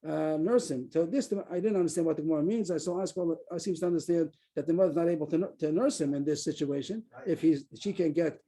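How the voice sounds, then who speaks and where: A man teaching a Talmud class over a video call, explaining quickly and repeating himself as he reads the text aloud. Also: a little high, mellow.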